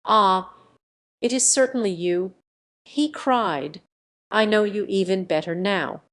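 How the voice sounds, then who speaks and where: A scornful young monk taunts from a rock in a storybook reading, voiced by a woman. His tone mocks and threatens, pitched at a middling height. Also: slow pace, a bit bright. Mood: mocking. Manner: mocking, taunting.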